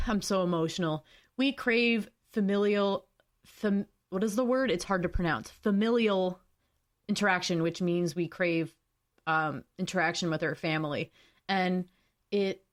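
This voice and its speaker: A young woman hosting a solo podcast, talking earnestly and emotionally, rambling with fillers and sometimes reading notes aloud. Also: lowish voice. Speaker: podcast host.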